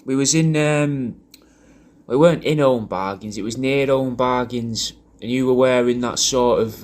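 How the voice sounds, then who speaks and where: A man's voice: mid-range voice, moderate pace. A man talking in a crude, rambling way, recording a personal video message full of swearing and restarts. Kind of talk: casual rambling monologue.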